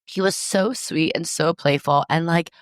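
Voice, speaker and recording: A woman's voice: low voice, unhurried, no room sound. Woman, podcast host, casual chat, goofy storyteller, dry sound. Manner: animated, self-deprecating storyteller.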